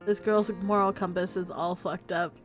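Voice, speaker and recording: A woman's voice: fairly low pitch, fairly even intonation, normal speed. A woman streamer chatting playfully and laughing often as she reads through a visual novel. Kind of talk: casual stream commentary while reading a visual novel. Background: faint music.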